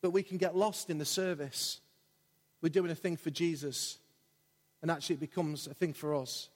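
A man's voice: a little high, darkish tone. A man preaching a sermon in a church, impassioned and repetitive in his delivery. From England. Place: large church hall. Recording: long church hall reverb.

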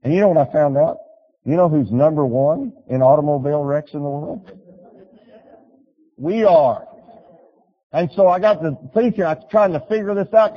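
Husky guy preaching a sermon, loud then soft, kinda muffled lo-fi sound. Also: a little high, moderate pace, pauses often, in a large hall. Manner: storytelling preacher, swings from loud urging to quiet pleading. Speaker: pastor.

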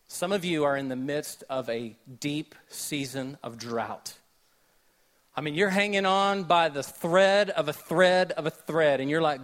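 A man preaching a sermon with a Southern US accent, joking with the congregation, then dropping to a hushed, slow delivery. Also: fairly high pitch. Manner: animated, jokey asides, shifts between loud and hushed delivery. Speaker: pastor.

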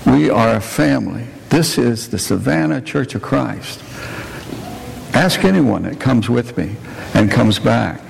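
In a church sanctuary with long reverb and faint noise, a male preacher and missionary delivers folksy sermon stories in a gravelly, medium-pitched voice. He's expressive and measured, plainspoken, and warmly turns aside to address his congregation.

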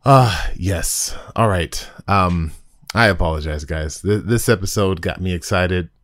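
A man with a very low voice talks through an episode he loved, giddy and animated, breaking into sudden high "ooh" exclamations and tripping over his own restarts. The recording is dry and close, with no room sound. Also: measured pace, dry recording. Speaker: podcast host reviewing an episode. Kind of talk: casual excited review chat.

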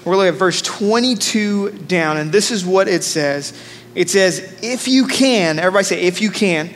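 A man in his thirties preaching a sermon, energetic and joking, leading the congregation in call-and-response. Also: sits high, normal speed. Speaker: pastor. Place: large church sanctuary. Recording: long church reverb, faint noise.

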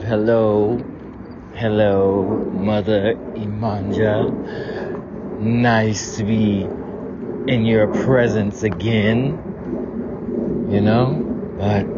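A man's voice: on the low side, lo-fi sound, noisy background. A man on a pier by the water, teary and close to crying as he talks to a spirit in a profane, emotional prayer. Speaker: vlogger leading a prayer. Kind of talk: emotional outdoor prayer vlog.

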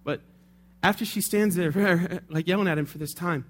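A man's voice: sits high, normal speed. A male pastor preaching a sermon in a conversational way, often checking in with tag questions.

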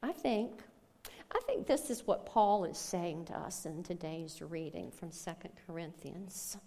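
A woman pastor preaching a sermon, telling a story in a slow, deliberate way. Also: lowish voice, vocal fry, dark tone.

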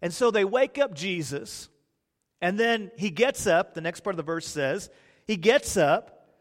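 A man preaching a sermon, swinging from hushed, drawn-out words to loud, excited bursts as he acts out the disciples' panic. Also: on the high side, long reverb tail.

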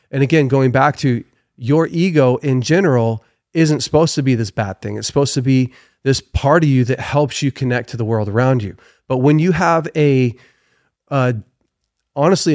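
A man's voice: mid-range voice, darkish tone, no echo, studio quality. A man giving conversational faith teaching as a podcast guest, earnest, reading scripture aloud and often correcting himself mid-phrase.

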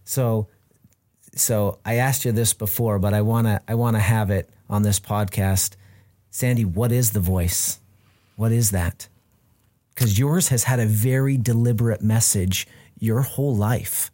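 A man's voice: on the low side, fairly even intonation, a little slow, dark tone. A man hosting a podcast, affirming his guest and asking questions in a conversational way. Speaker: podcast host. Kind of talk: conversational interview.

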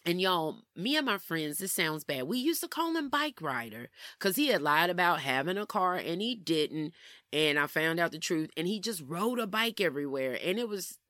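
A young adult woman telling a personal story in a casual, animated way, often calling her listeners "y'all". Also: on the low side, normal speed, no room sound, studio quality. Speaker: vlogger.

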